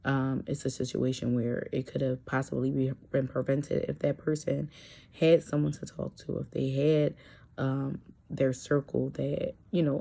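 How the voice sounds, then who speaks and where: Low, gravelly-voiced woman vlogger. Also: warm tone. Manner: hesitant, many fillers and restarts; candid and earnest. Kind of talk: personal vlog talk.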